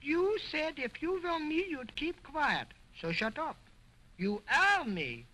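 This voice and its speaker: A man's voice: very animated, slow pace, pushed and bright, exaggerated voice, poor audio. A man voicing a cheeky, wisecracking male ventriloquist dummy who talks back in slangy, broken grammar, in 1920s early talkie acting. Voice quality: high, slangy, mocking. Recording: early sound film with music.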